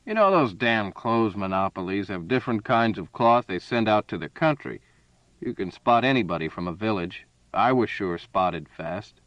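A man's voice: lowish voice, animated, normal speed, a bit bright, no room sound, dull audio. A man voicing a drunken, boastful older army colonel who talks in a slurred, blustering way.

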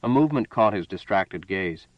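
A man narrating a story in a steady, measured reading voice. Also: on the low side, dry recording, muffled recording. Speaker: audiobook narrator. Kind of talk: scripted narration.

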